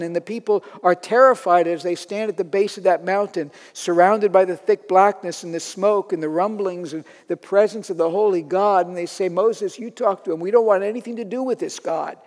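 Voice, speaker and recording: Man, preacher, sermon, high-pitched, earnest, emphatic, long hall reverb. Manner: earnest, building to loud emphatic peaks.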